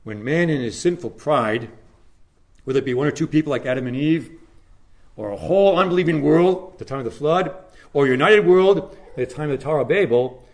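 A man preaching a sermon, with dramatic emphasis that drops to low, hushed phrases. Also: lively intonation, a little fast.

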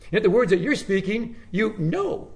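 A man preaching a sermon, with dramatic emphasis that drops to low, hushed phrases. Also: expressive, moderate pace.

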